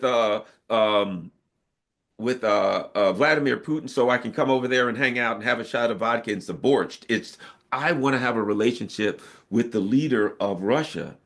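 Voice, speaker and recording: A man's voice: mid-range voice, fairly bright tone. A man from the United States giving emphatic, casual political commentary with frequent rhetorical asides.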